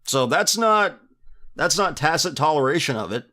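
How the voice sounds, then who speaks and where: A man's voice: a little high, animated, moderate pace, pushed and bright. A man hosting a casual podcast, reading listener messages and answering them in a sarcastic, mocking manner with frequent laughter. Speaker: podcast host.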